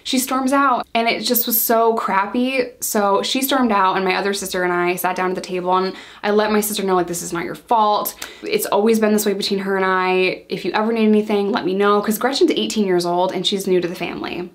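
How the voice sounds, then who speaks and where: A woman in her thirties tells a story from her own life to the camera. She talks casually and sounds exasperated, often acting out what she and others said in quick bursts. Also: medium pitch, fairly even intonation. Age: 30s. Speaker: storytime vlogger.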